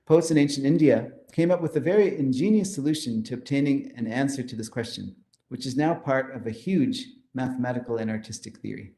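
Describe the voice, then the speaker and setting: A man with a medium-pitched, dark voice lectures on mathematics in a roomy-sounding space. He walks through formulas and counts step by step, explaining with enthusiasm while pointing to his slides.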